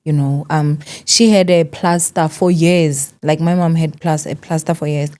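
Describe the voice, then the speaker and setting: 30s woman hosting a sit-down interview, low mellow voice, gentle, lots of soft mm-hmms. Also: fairly even intonation, normal speed. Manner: gentle, frequent murmured encouragement. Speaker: interview host.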